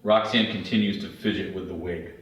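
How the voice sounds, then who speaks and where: Deep-voiced man reading scene directions. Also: steady tone, a little fast, fairly bright tone. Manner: plain, matter-of-fact reading. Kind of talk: script read-through narration. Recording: very echoey, distant, faint hiss.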